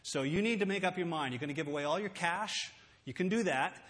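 A man preaching a sermon, earnest and emphatic, slowing down to read scripture aloud. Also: sits high, fairly bright tone. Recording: long hall reverb.

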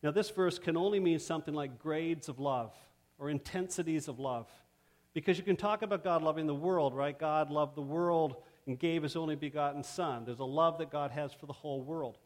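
A man preaching a sermon, measured and emphatic, pausing to stress key words. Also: a little high. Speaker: pastor.

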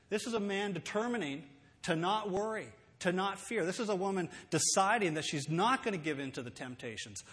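A man preaching a sermon, earnest and emphatic, slowing down to read scripture aloud. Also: high-pitched, animated, fairly bright tone. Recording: long hall reverb.

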